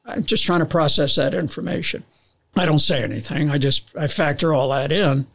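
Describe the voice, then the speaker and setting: An older man, a veteran pilot appearing as a guest, tells a war story in a casual interview. His voice is fairly high with vocal fry, at a moderate pace. He's an animated storyteller who acts out radio calls and often restarts his sentences.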